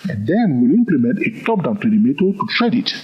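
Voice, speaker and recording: This trading instructor's voice is a little high and husky, swinging widely in pitch and moving a bit fast, with faint music behind him. He teaches a chart walkthrough, counting moves out loud and frequently checking in with the viewer, on dull lo-fi audio.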